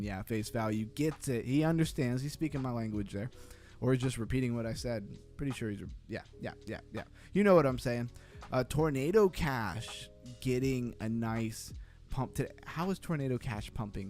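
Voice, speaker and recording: A man's voice: mid-range voice, a little mellow. A man hosting a livestream, giving blunt, skeptical commentary and reacting to viewer comments in a casual chat. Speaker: crypto livestream host.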